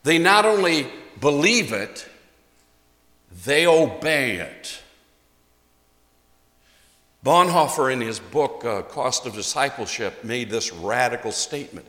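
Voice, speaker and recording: A man's voice: mid-range voice, animated, a little slow, pushed and bright. A man preaching a sermon as a pastor, emphatic and repeating key phrases for stress. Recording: echoey hall, long reverb.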